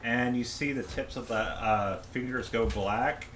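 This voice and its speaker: A man's voice: medium pitch, measured pace. A man playing in a tabletop game, chatting casually and narrating his character's actions. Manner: lively, chatty, self-deprecating. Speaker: player. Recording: noisy home mic.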